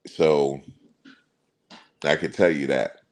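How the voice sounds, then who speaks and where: A man's voice: a bass voice, fairly even intonation, slow. A man hosting a casual commentary stream, telling stories and talking straight to his viewers, repeating his words as he goes. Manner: chatty storyteller, addresses viewers directly, repeats himself. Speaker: commentary channel host.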